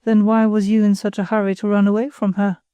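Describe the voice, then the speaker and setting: A woman's voice: medium pitch, flat delivery, fast talker, dark tone, clear, resonant tone, no room sound, lightly acted. A woman reading the part of a pretentious, self-satisfied married woman who chatters condescendingly. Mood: patronizing.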